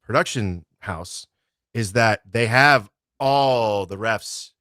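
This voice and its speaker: Male audiobook narrator, podcast guest; low voice, dry close sound, loose rambling delivery. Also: slow pace, no echo. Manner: relaxed, rambling, swears freely. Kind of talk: casual podcast chat.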